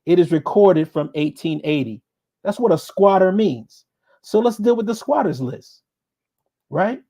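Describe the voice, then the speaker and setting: A man's voice: high voice, expressive, a little slow, warm tone. A man hosting a podcast, giving emphatic commentary and repeating points for stress while reading sources aloud. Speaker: podcast host.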